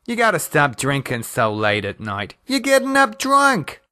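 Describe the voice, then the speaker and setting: A man voicing a bossy middle-aged wife in an audio horror story, with a sharp, scolding high voice. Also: wildly swooping pitch, unhurried, full character voice.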